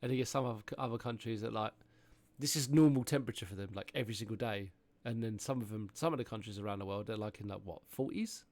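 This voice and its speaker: An English man in his thirties who talks casually on a podcast, swearing often and breaking into animated exclamations. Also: fairly low pitch, fast talker, no room sound. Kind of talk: casual chat.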